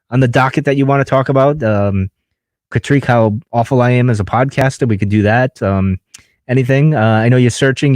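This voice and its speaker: A man's voice: mid-range voice, dry recording. Chatty podcast host man, dry close sound. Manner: chatty, rambling, lots of fillers and restarts. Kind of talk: casual chat.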